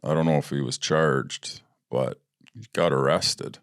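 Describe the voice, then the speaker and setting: A podcast host with a very deep yet fairly bright voice tells personal stories at a measured pace, captured in a dry, clean studio. He's casual, blunt and profane, laughing as the tales unfold.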